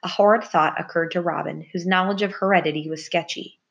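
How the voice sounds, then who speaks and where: A woman reading a children's story aloud in a steady, even narration. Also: lowish voice, fairly quick, gravelly, lo-fi sound. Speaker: audiobook narrator.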